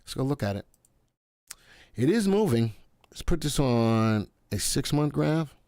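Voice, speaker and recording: A man's voice: medium pitch, big pitch swings, unhurried, darkish tone, no echo. Male live-stream stock host, joking and easygoing, dry sound. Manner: chatty and playful, talks to viewers by name.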